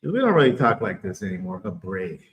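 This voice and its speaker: A man teaching a Bible study in an emphatic, animated way, full of rhetorical questions. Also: deep voice, fast talker, reverberant, background noise.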